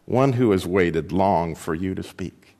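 A man voicing a huge unseen creature with a deep, calm, patient voice, speaking slowly and gently. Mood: calm gentle.

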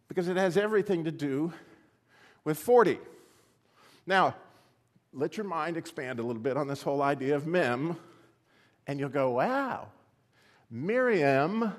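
Man, preacher, sermon, slightly high voice, animated, rhetorical questions. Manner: animated, rising to excited exclamations; asks the audience rhetorical questions.

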